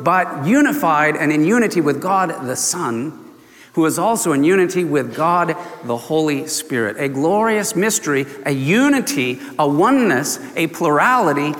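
Animated male preacher in a reverberant hall. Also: fairly high pitch. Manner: animated, laughing, acting out voices of people in the story. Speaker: pastor. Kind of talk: sermon.

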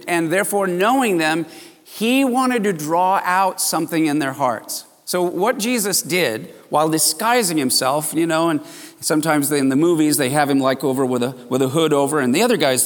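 Man, pastor, sermon, animated storytelling, fairly high voice, reverberant hall. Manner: animated storytelling, acting out the disciples with sudden high exclamations.

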